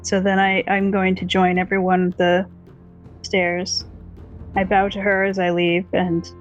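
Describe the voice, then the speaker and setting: A woman's voice: on the low side, completely flat delivery, unhurried, muffled recording, faint music behind. A woman playing a tabletop game, speaking politely as her character. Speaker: player.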